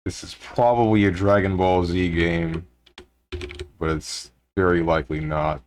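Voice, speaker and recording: A man's voice: low-pitched, steady tone, unhurried, darkish tone, a little hiss or hum. A man streaming live, chatting casually and grumbling to his chat. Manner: laid-back, grumbling, talks to chat.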